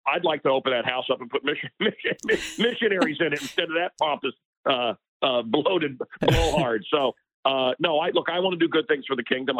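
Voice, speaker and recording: On a tinny phone line with no room sound, a radio personality with a voice on the high side talks as an interview guest. He's impassioned and steadily gets worked up in the heated back-and-forth.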